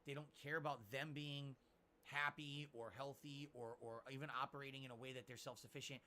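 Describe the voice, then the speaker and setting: A man's voice: mid-range voice, steady tone, a little fast, pushed and bright, slight background noise. A middle-aged man streaming live, chatting casually and reading out viewer tips in a rambling, emphatic way. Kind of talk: casual livestream talk.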